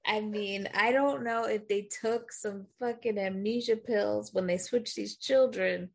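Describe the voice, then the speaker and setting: A young woman co-hosting a casual movie recap, blunt and quick to swear when something annoys her. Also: mid-range voice, fairly even intonation, creaky. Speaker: podcast co-host.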